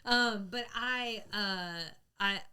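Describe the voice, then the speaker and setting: A woman's voice: mid-range voice, extremely slow, sharp tone, smooth. A woman from the American South co-hosting a podcast, talking in a casual, chatty way with rambling asides and laughs. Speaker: podcast co-host. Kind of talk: casual chat.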